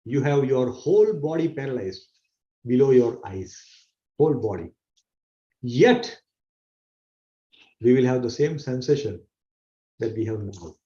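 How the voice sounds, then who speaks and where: Brief: earnest male scripture teacher, mellow and dark tone, echoey, muffled recording. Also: mid-range voice, lively intonation, measured pace, pauses often. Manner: earnest, repeats key phrases, acts out gasps. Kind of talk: explanatory sermon to an online audience. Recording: roomy, dull-sounding recording.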